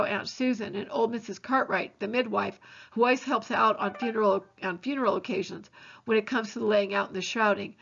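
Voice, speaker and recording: Woman reading a novel aloud, gravelly. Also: on the high side. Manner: earnest, steady reading with small slips. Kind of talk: novel read-aloud narration. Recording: dull lo-fi recording.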